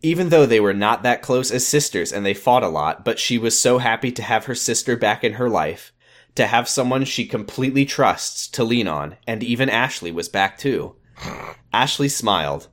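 A man reads fan fiction aloud on a comedy podcast. He keeps the narration fairly plain but lets his pitch swing widely. He breaks off often to trade jokes with his co-host. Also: normal speed. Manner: reads narration flatly, breaks off into joking asides. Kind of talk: comedic dramatic reading with banter.

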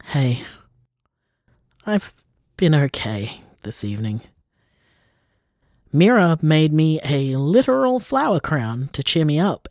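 A man's voice: a little high, darkish tone, no room sound, studio quality, exaggerated voice. A man acting a young man who has been hurt by his parents. He sounds shaky and unsure of himself, and he trails off into whispers. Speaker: estranged son confiding in his partner. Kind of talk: audio drama acting.

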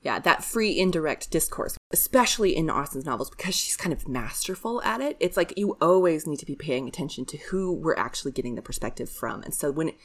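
A woman co-hosting a casual book podcast, enthusiastic and quick to laugh, often repeating words as she starts a thought. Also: deep voice, lively intonation, a bit bright. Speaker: podcast co-host.

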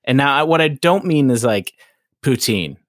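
Animated, rambling male podcast host. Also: mid-range voice, normal speed, dry recording, clean studio sound. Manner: rambling, jokey, laughs often. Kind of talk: casual podcast chat.

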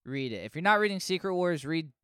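A man's voice: on the high side, expressive, quick pace, bright, forceful tone, a little hiss or hum. A man chatting casually as a podcast co-host, rambling and enthusiastic. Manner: enthusiastic, rambling, full of fillers. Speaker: podcast co-host reviewing comics. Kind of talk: casual chat.

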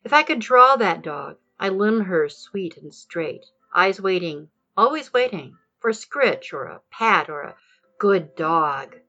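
A woman introducing and reading her own short poem in a gentle, wry manner. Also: on the low side, lively intonation, measured pace. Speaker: poet. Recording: lo-fi dull recording.

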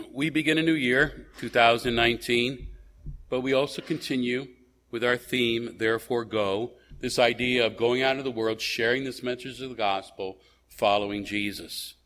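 A male pastor delivers a sermon at a middle pitch, in a relaxed, conversational way. He asks his listeners rhetorical questions and often hesitates or restarts a phrase as he goes. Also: moderate pace.

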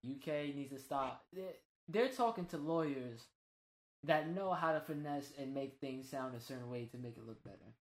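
Man, casual podcast co-host, slangy, swears a lot, animated, roomy echo. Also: medium pitch, normal speed. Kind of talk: casual gaming podcast chat.

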